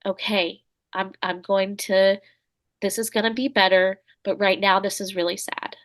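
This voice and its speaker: A woman author is the guest in a conversational interview. She speaks in a middle pitch and comes across as earnest, thoughtful and soft-spoken. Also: fairly even intonation, normal speed.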